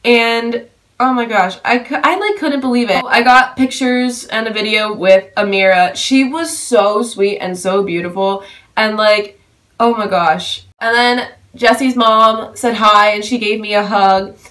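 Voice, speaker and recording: A woman's voice: a little high, unhurried, a bit bright. A young woman vlogging a story time, gushing and breathless, with lots of "like" fillers. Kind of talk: excited story-time vlog.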